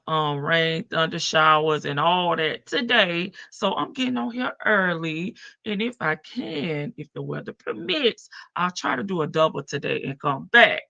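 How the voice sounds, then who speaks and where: A woman's voice: on the low side, vocal fry, bright, forceful tone, no room sound, lo-fi sound. A woman with a heavy morning voice, hosting a casual live stream from her front porch and greeting viewers by name.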